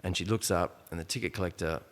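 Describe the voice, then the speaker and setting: A man telling a tense story in casual podcast chat, animated and full of asides. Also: sits low, fast. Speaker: podcast guest. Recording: long reverb, echoey room.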